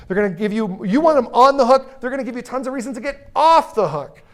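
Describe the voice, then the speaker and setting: A man delivers a keynote speech on a conference stage, his voice sitting noticeably high for a man. He is energetic and playful, teasing the audience and pulling them into call-and-response. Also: fast talker. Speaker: keynote speaker.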